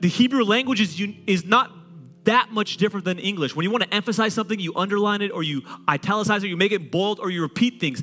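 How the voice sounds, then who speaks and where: Animated preaching man in a reverberant hall. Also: sits high. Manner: animated, conversational preaching with humor and repetition. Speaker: pastor. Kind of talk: sermon.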